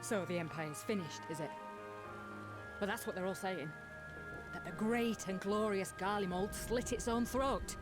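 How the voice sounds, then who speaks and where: An actress playing a grim, sardonic narrator. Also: female voice, medium pitch, measured pace, music in the background, lightly acted.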